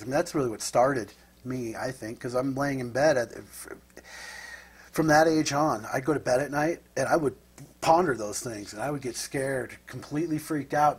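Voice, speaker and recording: A man's voice: mid-range voice, slightly rough. A middle-aged man from Nebraska telling stories as an interview guest, rambling and reflective, often tagging his sentences with a question. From Nebraska, USA. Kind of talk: casual storytelling.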